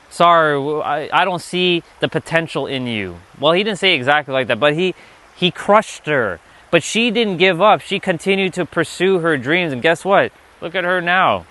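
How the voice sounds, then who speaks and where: A man's voice: on the high side, pushed and bright. A man giving a motivational livestream talk, emphatic and profane, often repeating himself. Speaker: livestream speaker.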